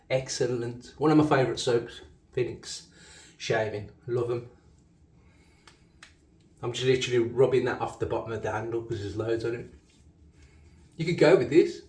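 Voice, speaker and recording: Far from the mic in a roomy-sounding space, a man from England's Black Country chats in his local accent while he shaves. His voice sits mid-range with a darkish tone, and as host of a shaving channel he rambles casually, often correcting himself and laughing along the way.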